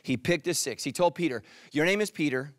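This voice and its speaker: Joking, earnest pastor from California. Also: male voice, on the high side, animated, brisk, no echo, studio quality. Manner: joking storyteller, drops to a quiet earnest tone. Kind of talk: sermon.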